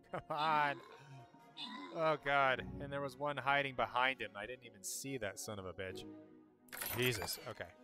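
A man streaming a game, chatting and thinking aloud as he plays, with sudden jumps in pitch when excited. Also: normal speed, music in the background. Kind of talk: casual gameplay commentary.

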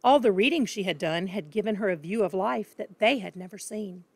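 A woman reads a children's story aloud, calm and expressive, at a middling pitch. The recording is close and dry, with no room sound. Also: fairly quick, no room sound. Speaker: reader. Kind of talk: storybook narration.

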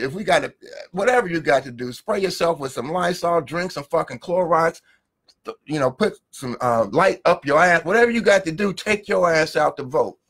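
A man's voice: high-pitched, fairly bright tone. A middle-aged man, a law professor, ranting angrily and profanely on a live video feed, firing off rhetorical questions and repeating words as he goes. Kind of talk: heated live-stream rant. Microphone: phone or webcam, live video feed.

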